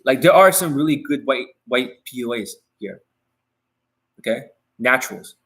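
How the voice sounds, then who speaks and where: A man's voice: mid-range voice, animated, measured pace, fairly bright tone, rough recording. A man talking as a dating coach in a live-streamed coaching talk, blunt and profane, often repeating his key phrases. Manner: blunt and profane, speaking straight to viewers; repetitive, says key phrases again.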